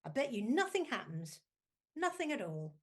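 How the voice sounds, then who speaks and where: A woman's voice: on the high side, sing-song, normal speed, voice pushed up. A cheeky young factory girl with a breezy, teasing way of talking, as a woman reads her lines aloud. She sounds carefree and mischievous, never fussed.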